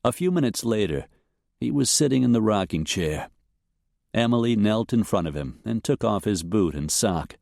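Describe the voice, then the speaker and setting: Lively low-voiced male audiobook narrator. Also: normal speed, vocal fry, no room sound, clean studio sound. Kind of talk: scripted western novel narration.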